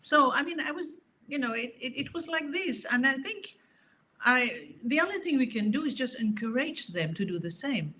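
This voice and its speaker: Woman, French accent, very high voice, faint background noise, harp teacher, animated, emphatic, casual interview. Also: normal speed. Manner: animated and emphatic, with many restarts.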